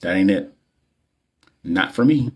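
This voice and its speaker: A man with a slightly low voice talks casually into his phone during a livestream. He is a nurse and coach who rambles in a loose, slangy way, cracking jokes and filling gaps with "like" and "you know.". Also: expressive, slow pace, husky. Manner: loose, slangy and joking, with many fillers and repeats. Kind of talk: casual livestream chat with viewers.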